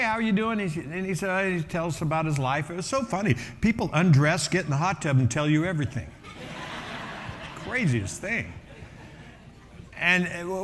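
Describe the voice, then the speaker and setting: A middle-aged man, a pastor, telling a story in a sermon with lively energy and acting out the voices of people in it. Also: fairly high pitch, big-room sound, a little hiss or hum. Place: church auditorium.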